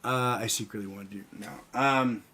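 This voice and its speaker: A man's voice: fairly low pitch, fairly even intonation, fairly quick, bright, forceful tone, slightly rough. A man co-hosting a podcast, bantering crudely and joking while reading out news stories. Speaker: podcast co-host.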